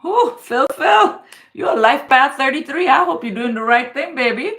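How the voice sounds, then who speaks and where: A woman from Guyana giving a live tarot reading, calling the listener darling and baby and repeating their name. She swings between excited high exclamations and low, hushed advice. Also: normal speed. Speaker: tarot reader.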